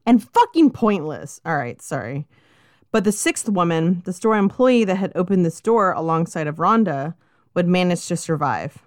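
Woman, lowish voice, dry close sound, true-crime podcast co-host, blunt, exasperated, filler-heavy. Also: dry recording. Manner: blunt, exasperated, swears, says like and you know a lot.

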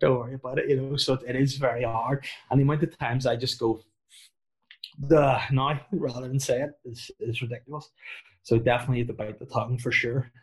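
Guy in his 30s, comedian, rambling on about himself in a loose chat, lots of "like" and "you know", mid pitched voice. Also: steady tone, fast. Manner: rambling, self-deprecating storytelling with many fillers. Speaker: comedian and podcast guest. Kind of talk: casual chat.

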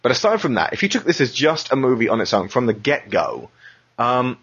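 A man's voice: medium pitch, very animated, fairly quick, a bit bright. A man hosting a casual podcast chat, enthusiastic and swearing freely as he acts out quotes. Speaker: podcast host. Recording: dull lo-fi podcast audio.

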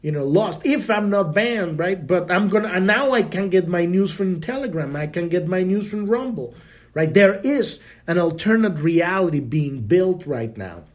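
A man's voice: high-pitched, expressive, normal speed. A man hosting a spiritual podcast, talking casually, swearing freely and often restarting his sentences. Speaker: podcast host. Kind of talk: spiritual talk.

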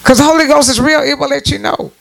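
This woman in her sixties preaches casually to her viewers in a high, gravelly, slightly bright voice, talking fast with a steady tone. She's emphatic, often repeating herself and restarting, her voice jumping up on the points she wants to stress.

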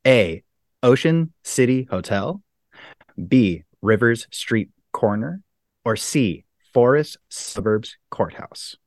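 A man's voice: medium pitch, animated, slow pace, dry recording, studio quality. A man hosting a podcast, reading quiz questions in a casual, joking manner. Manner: reads questions, then laughs and jokes. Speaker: podcast host, quizmaster.

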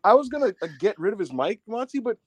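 A man with a high, lively voice recaps a wild online event for his podcast co-hosts. He acts out other people's lines in quick bursts. The mic is close and dry. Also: dry recording. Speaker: podcast co-host. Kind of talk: excited storytelling recap.

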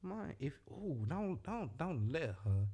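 A man's voice: on the high side, big pitch swings, slow, mellow, husky. A young man in casual chat as a podcast host, rambling and slangy, telling stories and repeating himself.

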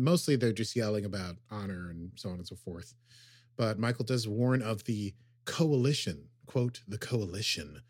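A man co-hosting a podcast, casually recapping an episode with lots of fillers and quick acted quotes. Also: fairly low pitch, a little mellow, dry recording, clean studio sound. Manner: rambling, filler-heavy summarizing with acted quotes. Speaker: podcast co-host.

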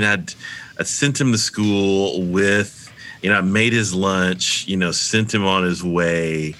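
A middle-aged man, a pastor guest on a podcast, telling stories in a casual, animated way and laughing easily. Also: fairly low pitch.

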